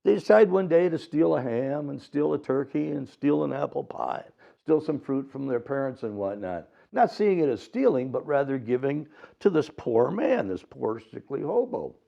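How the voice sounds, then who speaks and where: A man giving a dharma talk at a temple, retelling a story with lively acted-out voices. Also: mid-range voice, normal speed, creaky. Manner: animated retelling, acts out voices. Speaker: Buddhist teacher. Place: temple hall. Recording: dull lo-fi recording.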